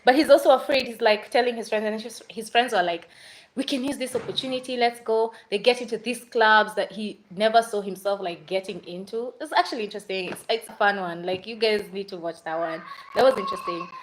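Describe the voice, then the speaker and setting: A woman's voice: mid-range voice, a little fast, slight background noise, low-quality recording. A young Kenyan woman chatting casually on a livestream about movies she watched, rambling and dropping Swahili fillers. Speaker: vlogger reviewing movies.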